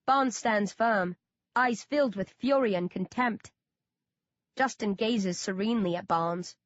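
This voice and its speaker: A woman narrating an audiobook in the first person with a steady, measured reading. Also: medium pitch, dry recording, lo-fi sound.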